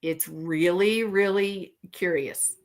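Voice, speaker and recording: A woman's voice: fairly low pitch, steady tone, takes it slowly. A woman hosting true crime commentary, talking casually to her viewers and speculating aloud with rhetorical questions.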